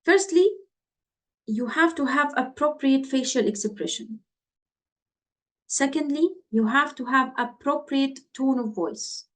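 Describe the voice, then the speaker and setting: A woman teaching doctors in an online lesson over a computer mic, repeating her points and checking in with her listeners. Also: high voice. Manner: slow, repetitive, checks in with listeners. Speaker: medical exam tutor.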